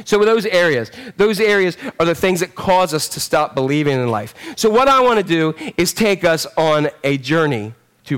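A man preaching with a high, lively voice. He is middle-aged and animated, and he calls out to the congregation as he goes. His delivery swings between loud passages and hushed ones. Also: moderate pace, smooth. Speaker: pastor. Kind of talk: sermon.

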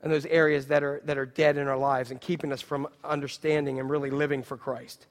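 A man preaching a sermon, swinging between loud, emphatic declarations and hushed, quiet passages. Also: medium pitch, level tone, fairly quick, in a large hall. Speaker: pastor.

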